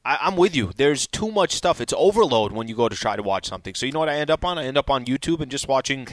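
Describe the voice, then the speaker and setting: A man co-hosting a sports radio show, teasing his partner and halting when put on the spot. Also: medium pitch, lively intonation, dry recording. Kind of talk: casual sports radio banter.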